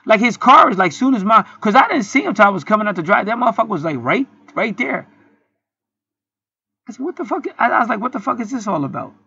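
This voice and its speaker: A man's voice: high-pitched, very animated, quick pace, gravelly, bright, forceful tone, slightly rough, highs cut off. A man telling a story in a casual, heated monologue, swearing often and rambling with many restarts. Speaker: channel host.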